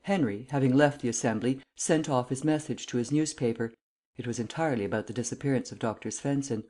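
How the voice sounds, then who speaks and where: A man reading an audiobook aloud in measured, unhurried scripted narration. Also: medium pitch, dark tone.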